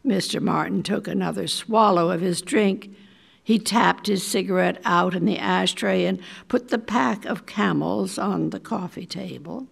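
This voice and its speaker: Slow, gravelly older woman reading aloud. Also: mid-range voice. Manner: measured and deliberate. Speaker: resident reader. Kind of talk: reading a short story aloud.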